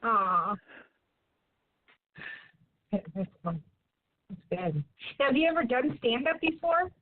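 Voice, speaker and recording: Woman host, slow and lively, tinny phone line with faint hiss. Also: fairly high pitch, no echo. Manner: encouraging, laughs often. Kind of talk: casual interview chat.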